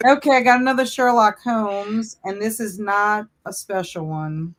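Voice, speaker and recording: A woman's voice: medium pitch, fairly even intonation, unhurried. A woman hosting a casual reading livestream, chatting along and sighing in mock-dramatic dismay. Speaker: livestream host. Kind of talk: casual chat on a reading stream.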